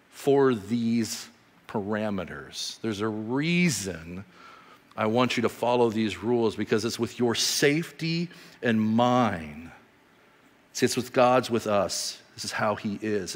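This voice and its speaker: A man in his thirties preaching a sermon as pastor, telling stories animatedly and swinging from loud bursts to quiet, slow emphasis. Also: fairly low pitch. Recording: reverberant hall.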